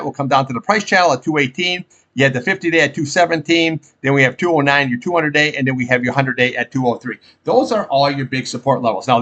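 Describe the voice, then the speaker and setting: A man's voice: on the high side, fairly bright tone. A middle-aged man giving casual, blunt stock chart commentary, opinionated and fond of repeating words for emphasis. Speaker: stock market analyst.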